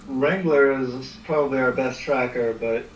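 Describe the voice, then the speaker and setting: A man's voice: mid-range voice, unhurried, a little hiss or hum. A man playing a tabletop game, chatting casually and hesitantly, recorded at a distance in an echoey room. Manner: hesitant, many restarts. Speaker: player.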